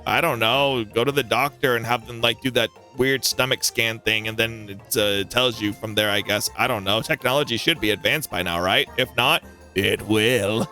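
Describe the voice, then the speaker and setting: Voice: medium pitch, moderate pace, hardly any pauses, pushed and bright, faint music behind. A let's-play host giving playful, jokey commentary over a story game.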